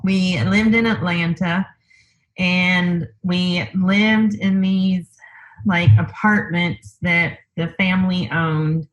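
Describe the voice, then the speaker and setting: A woman guest in a conversational interview, telling a personal story in an unhurried way, thinking aloud with lots of fillers. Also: fairly low pitch, steady tone, low-quality recording.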